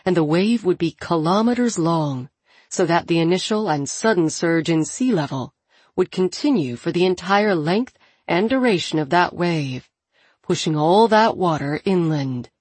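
A woman narrating an audiobook in a measured, steady reading voice. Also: on the low side, husky, dry recording.

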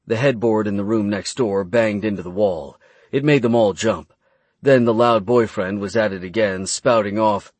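A man reads an audiobook in an even, steady manner. His voice sits low with a husky grain. The recording is close and dry. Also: normal speed, no echo. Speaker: narrator. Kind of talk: scripted audiobook narration.

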